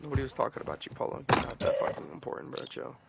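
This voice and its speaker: A man's voice: medium pitch, level tone, very fast, vocal fry, heavy background noise. A young man streaming a game, chatting with friends and telling profane, joking stories in a drawling way. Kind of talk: casual gaming chat with friends.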